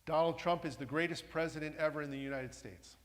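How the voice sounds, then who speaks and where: A man's voice: a little high, fairly even intonation, fast talker. Man presenting in a reverberant hall. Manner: engaging, asks the audience questions. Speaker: workshop presenter. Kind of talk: interactive talk to a live audience. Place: large meeting room with a masked audience.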